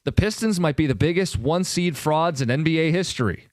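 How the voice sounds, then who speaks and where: A man's voice: a little high, expressive, a little fast, a little mellow. A man hosting sports talk radio, opinionated and wry, with sarcastic asides, speaking into a studio microphone.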